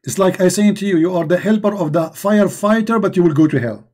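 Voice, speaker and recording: A man's voice: high-pitched, fast talker, a little mellow. A man hosting a live online discussion, speaking in a mocking, emphatic and repetitive way, with non-native English grammar. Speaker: online debate host.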